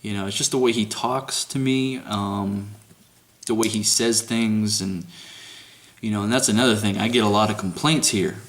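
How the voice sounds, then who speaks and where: A man's voice: lowish voice, steady tone, moderate pace. A man working as a security guard, telling casual, profane work stories outdoors at dusk and laughing now and then. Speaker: security guard at a residential lake. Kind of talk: casual vlog rant.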